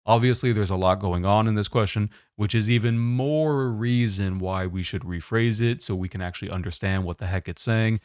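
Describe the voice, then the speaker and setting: A man giving a test-prep lesson, explaining question types in a steady, methodical way. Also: lowish voice, normal speed, few pauses, smooth, no echo, studio quality.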